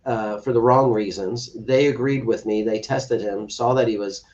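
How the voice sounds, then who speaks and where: Speaking at normal speed with fairly even intonation, this interview guest has a lowish, darkish voice. An adoptive father, he tells an earnest story from his life, performing the dialogue he quotes, on distant, somewhat dull podcast audio.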